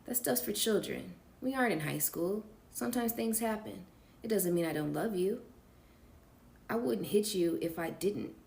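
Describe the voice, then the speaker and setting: A woman's voice: mid-range voice, animated, moderate pace, creaky, echoey room. A defensive, controlling man on the phone, read by a woman. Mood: coaxing. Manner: pleading and defensive, flaring into shouting. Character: volatile controlling man on the phone, self-pitying.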